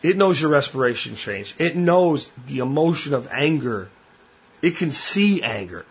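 Podcast host, male, blunt and plain-spoken, husky tone, dull lo-fi sound. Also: a little high, very animated, unhurried. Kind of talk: casual monologue.

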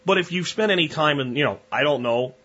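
A man's voice: on the high side, expressive, fast talker, pushed and bright, highs cut off. A man hosting a solo podcast, talking bluntly and at length through long, rambling analogies. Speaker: podcast host.

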